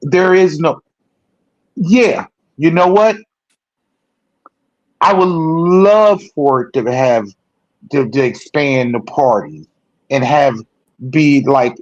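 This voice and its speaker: A man co-hosting a political talk show, rambling in casual discussion and correcting himself often, growing animated when he makes a point. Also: mid-range voice, no echo. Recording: dull lo-fi sound.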